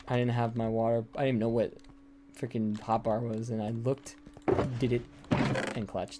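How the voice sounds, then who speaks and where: A young man casually chatting while playing a game on stream, rambling and swearing offhandedly, sometimes dropping his voice low. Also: normal speed, heavy background noise. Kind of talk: casual gameplay chat. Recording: clear background typing and clicks.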